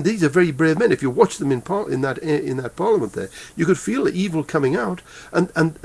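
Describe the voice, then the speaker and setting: A man angrily delivering a heated political rant to his webcam, halting and repeating himself as he goes. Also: a little high, gravelly, breathy edge. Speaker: political commentator. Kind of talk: impassioned political rant to camera. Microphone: webcam microphone.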